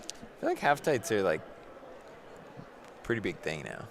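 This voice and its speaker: A man giving casual live commentary on a track meet, thinking out loud and laughing with his co-hosts. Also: lowish voice, unhurried, a little hiss or hum. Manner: animated, laughs easily, thinks out loud with fillers.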